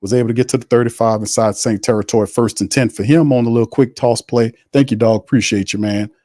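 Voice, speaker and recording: A man hosting a live football watch party, calling plays and chatting with viewers in a loose, excitable way. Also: mid-range voice, quick pace, no room sound, clean studio sound. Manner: excitable on big hits. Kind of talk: casual live-stream play-by-play.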